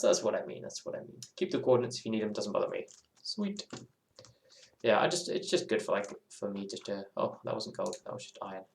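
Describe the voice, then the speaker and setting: A man's voice: fairly low pitch, creaky, slight background noise. Rambling man chatting in an echoey room. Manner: rambling, musing, self-interrupting. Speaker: gaming streamer. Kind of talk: casual live-stream chat while playing.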